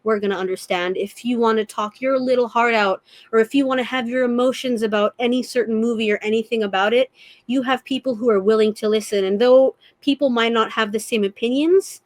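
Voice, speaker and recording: A young woman chats as a podcast guest, earnest and gushing, with a touch of emotion in her words. Her voice sits a little high. The sound is dry and close. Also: fairly even intonation, fairly quick, no echo. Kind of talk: casual conversation.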